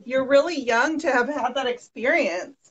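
A young woman hosts a live painting chat, warm with enthusiasm and quick encouragement. Her voice is high, and the recording sounds dull and lo-fi. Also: slightly rough. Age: young adult. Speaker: host. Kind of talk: casual live demo chat.

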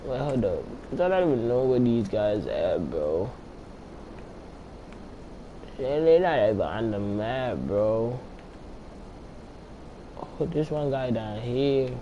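A young man talks his way through a game session in loose, slang-heavy, swearing chatter, half to himself. His voice sits in an ordinary middle pitch. A faint hiss runs underneath the recording. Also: very animated, measured pace, dark tone, dull audio. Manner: slangy, profane, talks to himself while playing. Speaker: gameplay commentator. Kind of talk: casual gameplay commentary.

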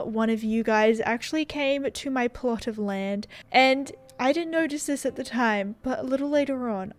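A young woman giving casual gameplay commentary, bubbly and gushing. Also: on the high side. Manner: bubbly and gushing, with many "oh my gosh" exclamations. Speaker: gaming YouTuber.

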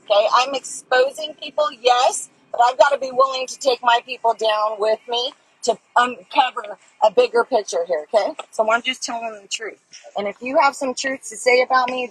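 A woman with a high voice rants into her phone on a town street, swearing hard and throwing accusations. She turns preachy and agitated, and tags almost every sentence with a pushy "okay?". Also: a bit bright, a little hiss or hum. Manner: profane, tag "okay?" on most sentences. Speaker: livestreamer. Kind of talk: rambling angry livestream rant. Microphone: phone livestream.

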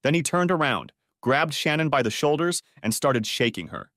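A man's voice: fairly high pitch, very animated, moderate pace, fairly bright tone, no echo. A man narrating a dramatic audiobook story in a scripted reading, on a close studio mic.

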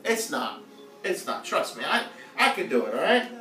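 Jokey guy cooking live on stream, kinda bright voice, faint music behind, a bit far from the mic. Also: a little high, big pitch swings, normal speed. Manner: playful, jokey, chatty with viewers. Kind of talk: casual live cooking chat. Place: home kitchen. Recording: echoey room, mic at a distance, music playing faintly.

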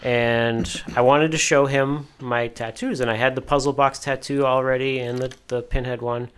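A man in a casual podcast chat, telling an excited fan anecdote with many fillers and restarts. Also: mid-range voice, moderate pace, clear, resonant tone. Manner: rambling, lots of "you know" fillers and restarts. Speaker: occasional podcast co-host.

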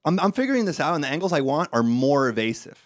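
A man's voice: a little high, fast, dry recording, studio quality. A young man hosting a casual comedy podcast, telling stories and laughing often. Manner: joking, animated storytelling, laughs often. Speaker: podcast host.

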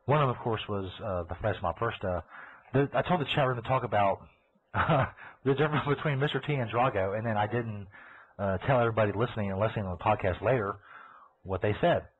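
Husky-voiced man ranting on a podcast. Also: lowish voice, fast talker. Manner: crude, ranting, sarcastic. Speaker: podcast host. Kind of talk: profane live podcast rant. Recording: tinny phone-like audio.

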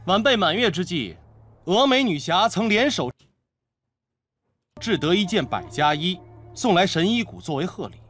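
An actor playing a composed, defiant young swordsman, speaking in a measured, formal and cutting way in a period martial-arts drama. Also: sits high, sing-song, fairly bright tone, exaggerated voice. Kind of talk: period wuxia drama dialogue. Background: drama score music.

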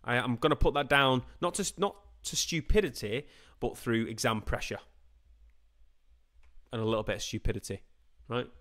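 A man teaching a computer science revision class over a live stream, with a voice of middling pitch. He talks in a chatty, informal way, throwing questions at his listeners and answering them himself. Now and then he slips into playful put-on voices and quick asides. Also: a bit bright.

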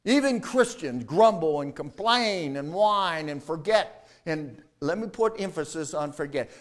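A male pastor delivers a sermon, inviting responses from the congregation and alternating between loud, emphatic lines and quiet, low ones. His intonation is lively and his pace measured.

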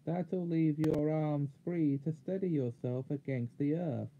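A man's voice: on the high side, measured pace, slight background noise. A man playing a gloomy marsh creature, raised voice, fatalistic grumbling, tinny phone-like sound. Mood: coaxing. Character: gloomy lanky marsh creature, male, glum.

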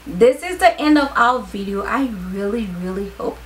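A tired woman vlogger chatting casually to her viewers during a clothing haul, excitable, with her voice starting to crack. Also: on the high side, moderate pace, a little hiss or hum, poor audio. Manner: excitable, talks straight to viewers.

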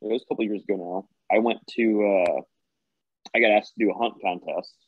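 Casting note: male host, mid-pitched, animated and foul-mouthed storyteller, dry and muffled podcast sound. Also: brisk, slightly rough, no room sound. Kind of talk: casual podcast chat. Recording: dry, slightly dull podcast mic.

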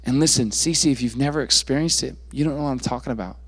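A young man, a youth pastor, delivers a youth sermon in a mid-range voice at a fast pace, with a big-room sound. His delivery is casual and conversational, full of fillers and restarts.

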